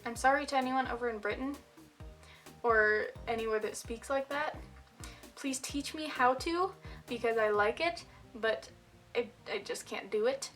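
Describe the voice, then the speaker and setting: A woman's voice: fairly high pitch, a little slow, long pauses, a bit bright, faint music behind. A young woman talking casually to camera in a self-mocking vlog, with lots of fillers. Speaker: vlogger.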